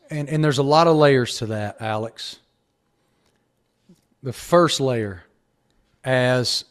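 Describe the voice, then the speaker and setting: A man's voice: medium pitch, clear, resonant tone. A middle-aged man with a Southern accent, a sports reporter speaking as a guest, earnest and emphatic, often restarting his phrases. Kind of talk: reflective interview answer.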